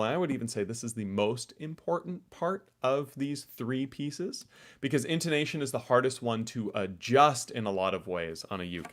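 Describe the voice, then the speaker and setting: Demonstrating on his ukulele during a live online lesson, this mid-range-voiced man keeps his explanations chatty and relaxed, sprinkling in plenty of asides.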